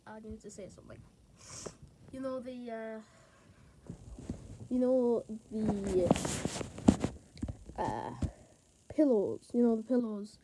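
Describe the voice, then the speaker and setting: A woman chatting casually in a hotel room, out of breath, rambling with many fillers and restarts. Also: on the high side. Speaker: vlogger. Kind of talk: casual vlog chat. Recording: loud background noise. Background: loud noise.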